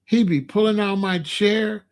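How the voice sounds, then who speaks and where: A man doing an excited little daughter. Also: mid-range voice, unhurried, pitched above the performer's own voice, lightly acted. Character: young schoolgirl daughter, excited and chatty.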